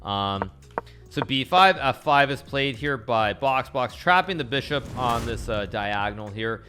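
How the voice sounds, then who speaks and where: With faint music behind him, a man streams a casual chess game analysis in a mid-range, bright, forceful voice with lively intonation, speaking a little slowly. He rambles, frequently restarting and correcting himself.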